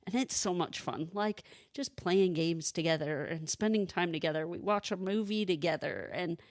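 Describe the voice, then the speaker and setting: A woman's voice: on the low side, moderate pace, dry recording, studio quality. A woman co-hosting a podcast, telling a family story in casual chat with lots of fillers. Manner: chatty storyteller, many fillers. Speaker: podcast co-host.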